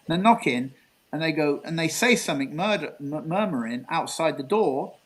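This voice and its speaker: A man's voice: a little high, lively intonation, normal speed, low-quality recording. An English man from England, a guest telling a long rambling story, repeating himself and swearing. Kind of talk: casual storytelling interview.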